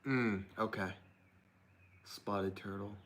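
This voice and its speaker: A man's voice: lowish voice, fairly even intonation, slow pace, a bit bright. A young man hosting a casual livestream, thinking aloud and reading chat comments from a laptop. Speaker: livestream host. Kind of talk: casual live-stream chat. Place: indoors at a desk with plants. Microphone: laptop mic.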